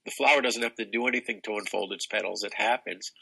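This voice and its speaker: Gravelly low-voiced older man, rambling. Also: fast talker, bright, forceful tone, rough recording. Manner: expansive, rambling, many restarts. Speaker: spiritual teacher guest. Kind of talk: casual spiritual conversation.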